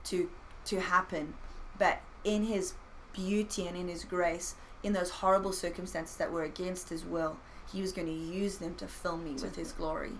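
A woman who has been a pastor, telling personal faith stories in an earnest, animated way with playful self-mockery. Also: on the low side, moderate pace, a little hiss or hum, rough recording. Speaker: pastor and podcast guest. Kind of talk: casual faith conversation.

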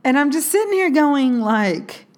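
A woman's voice: high-pitched, sing-song, unhurried. A woman in a casual faith talk, speaking earnestly and reflectively, with many fillers and restarts. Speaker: Christian speaker.

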